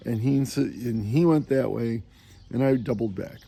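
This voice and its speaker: A man's voice: medium pitch, normal speed, gravelly, mellow, breathy edge. A man recording a casual spoken meditation on a walking pilgrimage, rambling and hesitant with many fillers and frequent chuckles. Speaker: pilgrim vlogger.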